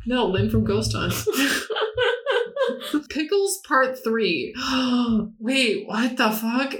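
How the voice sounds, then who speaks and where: A woman's voice: fairly high pitch, lively intonation, slow, echoey room. A young woman co-hosting a podcast, chatting casually and reading reviews aloud with giggly mock drama. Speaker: podcast co-host. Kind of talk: casual chat.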